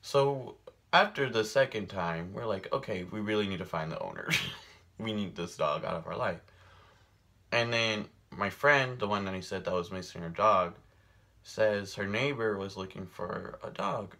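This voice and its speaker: A young man vlogging at home, telling a funny story in a casual, animated way and acting out the other people's lines. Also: deep voice, moderate pace, creaky. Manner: animated storyteller, acts out quoted voices, laughs often. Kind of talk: casual storytelling while doing makeup.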